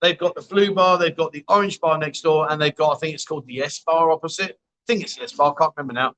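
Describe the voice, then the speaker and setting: A chatty man hosts a casual livestream from inside a bar, reading viewer comments aloud and calling everyone mate. His voice is bright and forward, pitched a little above the usual for a man. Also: quick pace, rough recording. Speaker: livestream host. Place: bar, indoors.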